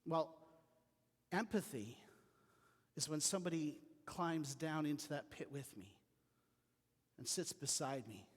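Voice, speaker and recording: A man preaching a sermon as pastor, telling personal stories in an earnest way that drops to a quiet voice. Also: on the high side, measured pace, long pauses, husky, big-room sound. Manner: earnest storytelling with quiet dips. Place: church sanctuary.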